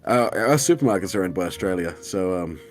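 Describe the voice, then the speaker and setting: A very low-voiced man with a New Zealand accent trades crude jokes and mockery in a casual live stream. He comes through a voice-chat connection, teasing his co-host. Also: lively intonation, brisk, soft background music. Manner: crude, joking, mocking.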